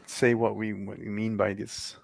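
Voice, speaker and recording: A man in casual technical chat, animated, with quick restarts, acting out other people's lines. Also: lowish voice, gravelly, slightly rough, no echo.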